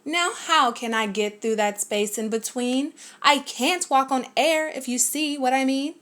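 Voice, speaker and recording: A big, gentle male elephant, honest to a fault and worn out, pleading and fretting in an earnest voice, as a woman reading a storybook plays him. He talks plainly and sincerely, never sly. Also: sits high, measured pace. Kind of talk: storybook read-aloud.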